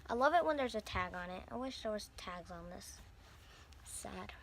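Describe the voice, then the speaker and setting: A young woman chatting casually as she unboxes squishy toys, gushing and breathy as she talks. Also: mid-range voice, animated, normal speed, a little hiss or hum. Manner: gushing, breathy squeals over cute toys. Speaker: vlogger.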